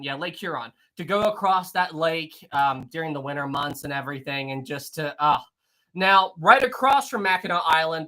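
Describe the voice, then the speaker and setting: An excitable host of a live stream, chatting casually with viewers and reading out their messages. The voice is bright and sharp, and the talk rambles into asides and quick laughs. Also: mid-range voice.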